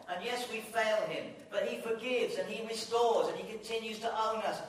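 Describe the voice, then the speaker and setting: A man's voice: high voice, steady tone, moderate pace, slight background noise. Man preaching in an echoey hall. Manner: impassioned, repetitive preaching with restarts. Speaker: visiting preacher. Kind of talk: sermon. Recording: echoey hall, distant mic.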